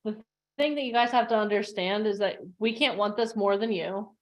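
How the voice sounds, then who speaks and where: A woman's voice: medium pitch, normal speed. A woman coaching an online workshop over a video call, giving a motivational talk and acting out the voices in her stories. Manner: animated storyteller who acts out the voices in her stories.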